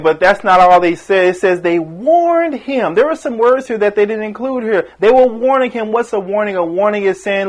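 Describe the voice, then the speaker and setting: A man preaches with fervor, his voice sitting fairly high for a man. He swings between loud emphatic bursts and quieter, pressing questions, and now and then briefly acts out the people he quotes. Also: lively intonation, normal speed, hardly any pauses. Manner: impassioned, rising and falling emphasis with acted-out quotes. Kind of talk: sermon.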